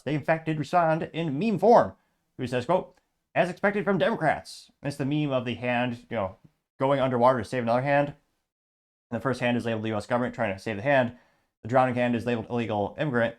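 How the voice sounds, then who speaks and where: A man hosts a casual political commentary show at a middle pitch. He reads viewer comments aloud one by one and drops sarcastic asides between them.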